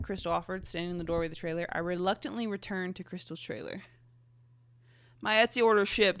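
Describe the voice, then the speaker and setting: A woman's voice: medium pitch, normal speed, dry recording. A young woman hosting a podcast, reading her own fanfiction aloud with sarcastic commentary, swearing often and laughing at herself. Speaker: podcast host.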